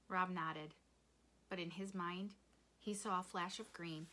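A woman reading a children's novel aloud in measured storytelling. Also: fairly low pitch, fairly even intonation, sharp tone. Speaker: reader.

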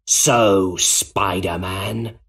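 A man with a husky voice voicing a menacing male supervillain in a storybook reading, slow and heavy. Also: low-pitched, fairly even intonation, a bit bright, exaggerated voice. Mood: sly.

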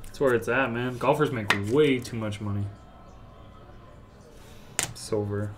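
A man hosting a trading card break speaks at a slow, unhurried pace. He calls out player names and card numbers in an offhand way and chats with viewers between packs. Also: medium pitch. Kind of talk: casual live card break commentary.

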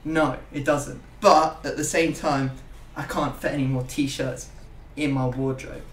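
Gaming host, young, loose rambling banter; echoey room, a touch off-mic. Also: male voice, mid-range voice, fairly even intonation, a little slow, a bit bright, recorded from a distance, a little hiss or hum. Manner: rambling, self-mocking banter. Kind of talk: casual gaming chat.

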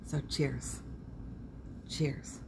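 A woman's voice: extremely slow, background noise. A middle-aged woman hosting a casual morning live stream, greeting viewers by name in a gushing, upbeat way.

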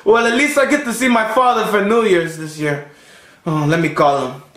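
A man doing a high stammering boastful cook. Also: fairly even intonation, moderate pace. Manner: stammering, shouty. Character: boastful, excitable male cook. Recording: roomy echo.

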